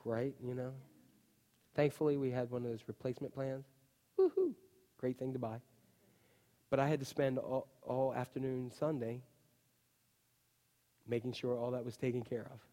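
A man preaching a chatty, animated sermon as a pastor, full of asides and "you know". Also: medium pitch, normal speed, long pauses. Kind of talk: conversational sermon. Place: church. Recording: long reverb of a church hall.

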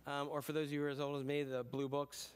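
Middle-aged man, pastor, chatty sermon, self-deprecating stories, slightly raised pitch. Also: completely flat delivery, fast, clear, resonant tone. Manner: chatty storytelling, self-deprecating, many fillers. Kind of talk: conversational sermon.

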